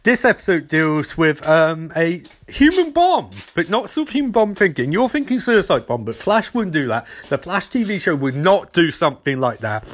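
A young man recapping and reviewing a TV episode in a casual, animated way, swearing freely. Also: on the high side, moderate pace, hardly any pauses.

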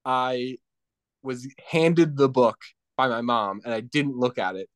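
A man's voice: mid-range voice, unhurried, smooth, no echo. Laughing young man telling a story, dry sound. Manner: rambling storyteller, laughing often. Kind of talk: casual chat.

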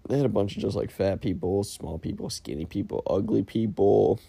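On his informal solo podcast, a man rambles profanely and mocks himself. His voice is on the low side, mellow, creaky and slightly rough, and he talks fairly quickly.

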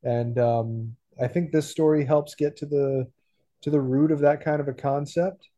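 A man co-hosting a podcast, talking about a cartoon in a measured, thoughtful way with filler pauses. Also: fairly high pitch, steady tone, mellow, muffled recording. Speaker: podcast co-host. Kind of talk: casual chat about a cartoon episode.

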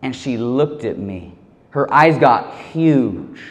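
A man giving a sermon, telling a story in a casual, animated way full of slang. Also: mid-range voice, slow. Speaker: youth pastor. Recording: long hall reverb.

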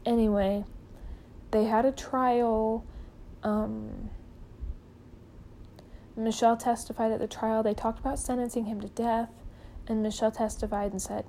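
A woman's voice: on the high side, level tone, unhurried, creaky, pauses often, mellow, slight background noise, low-quality recording. A woman hosting a podcast, retelling a true-crime case in a casual, chatty way full of "like" and "um", acting out the people she quotes. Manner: chatty, peppered with "like" and "um". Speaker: podcast host.

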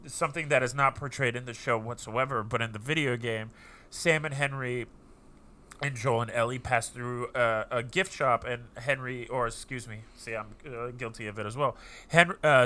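A man's voice: mid-range voice, moderate pace, sharp tone. A man co-hosting a podcast, casually chatting and retelling scenes with repeated phrases. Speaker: podcast co-host. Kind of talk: casual chat.

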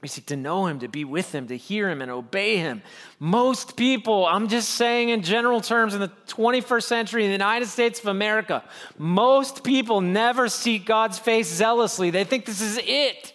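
A middle-aged male pastor delivers a sermon in an earnest, pleading way, returning to the same phrases again and again. His voice sits high for a man, and the sound trails off in the long reverb of a big hall. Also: normal speed, a bit bright. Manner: earnest preaching with rising, pleading emphasis and repeated phrases.

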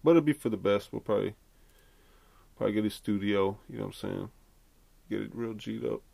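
Gravelly low-voiced man rambling on a podcast. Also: a little fast, mellow, dry recording. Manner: loose, rambling and profane, laughing at his own stories. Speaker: podcast host. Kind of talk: casual solo podcast chat.

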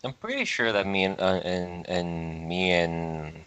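A man playing a tabletop game, describing his character's plans in halting speech full of fillers. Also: low voice, fairly bright tone, clean tone. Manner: halting, filler-heavy narration. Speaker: player. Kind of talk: casual game table chat.

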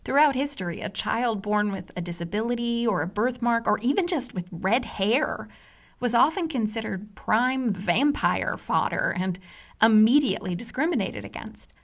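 A woman's voice: on the high side, expressive, normal speed. A woman in her forties from the US hosting a scripted explainer podcast, wry and conversational with dry humor. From United States. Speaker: podcast host.

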